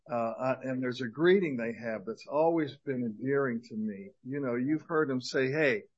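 A man in his sixties, a minister giving an energetic, joking talk to a men's group at a church, with lots of fillers. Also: mid-range voice, moderate pace, husky, muffled recording. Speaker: guest speaker and minister to men. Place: church gathering of men.

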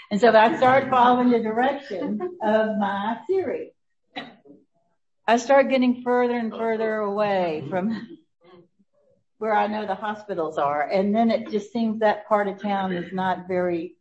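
A woman, sharing a personal testimony with an audience, telling the story warmly and laughing often. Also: a little high, dull audio. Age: 70s.

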